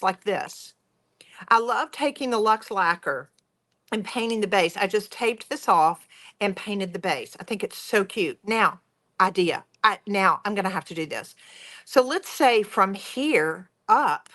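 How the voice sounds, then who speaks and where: A woman's voice: mid-range voice, lively intonation, unhurried, a bit bright. A woman hosting a craft tutorial, chatty and enthusiastic as she talks viewers through each step. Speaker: craft workshop host.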